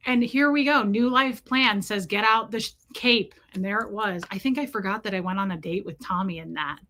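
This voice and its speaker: A woman in her thirties chatting casually as a vlogger, self-mocking and prone to loud dramatic outbursts. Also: mid-range voice, brisk. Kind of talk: casual chat.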